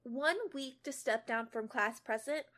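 A young woman reading aloud a fan story and voicing a scheming teenage girl, stretching her sneering lines out slowly. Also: high-pitched, fairly bright tone. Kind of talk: amateur fan-fiction read-aloud.

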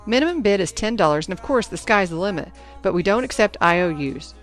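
A woman's voice: medium pitch, expressive, quick pace, faint music behind, natural voice. A woman voicing a stern, formal booster club president running a school auction, with a commanding announcer manner.

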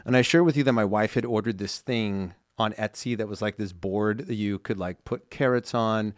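A man's voice: on the low side, moderate pace, no echo. Playful man co-hosting a dry podcast. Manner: playful, animated gift-giving banter. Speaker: podcast co-host. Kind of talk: casual chat.

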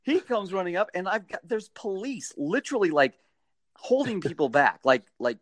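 Middle-aged man, fairly high voice, dry close sound, animated storytelling, high bursts when quoting. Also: moderate pace, no room sound. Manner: animated, acts out quotes with sudden high-pitched bursts. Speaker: guest, stadium mascot performer. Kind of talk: casual storytelling.

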